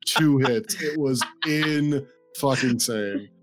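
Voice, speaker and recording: A man's voice: mid-range voice, slow pace. A man playing a tabletop game, talking casually and swearing now and then. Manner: casual, laid-back, swears. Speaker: player. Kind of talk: tabletop game role-play. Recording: faint background music.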